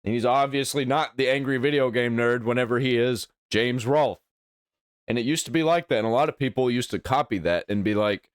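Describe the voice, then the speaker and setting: A man's voice: medium pitch, a little fast, clear, resonant tone, no echo. A man hosting a casual reaction commentary, blunt and profane, speaking into a close desk mic. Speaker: host reacting to videos.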